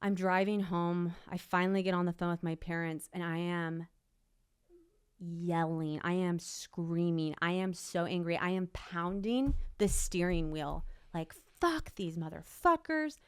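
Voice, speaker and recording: A woman's voice: fairly low pitch, level tone, measured pace, a little mellow, clear, resonant tone, no room sound, clean studio sound. A young woman, an interview guest, emphatically retelling a personal story and quoting what people said. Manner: emotional, emphatic retelling with quoted dialogue.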